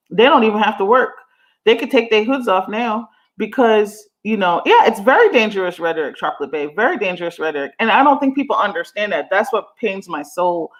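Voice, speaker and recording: A woman from Jamaica hosts a casual livestream. She talks frankly and animatedly to her chat, swears freely and breaks into laughter. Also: mid-range voice. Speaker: livestream host.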